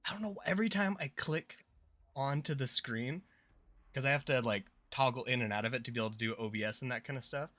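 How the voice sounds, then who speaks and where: A man's voice: mid-range voice, fast talker, fairly bright tone. A man hosting a casual gameplay livestream, chatting playfully and with hype to his viewers. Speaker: streamer and channel host.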